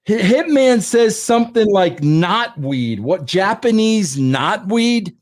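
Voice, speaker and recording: A man with a fairly high voice hosts a live stream in loose, casual chat. He talks bluntly and brushes things off. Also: sing-song, slow pace. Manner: blunt, brash, dismissive. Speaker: podcast host.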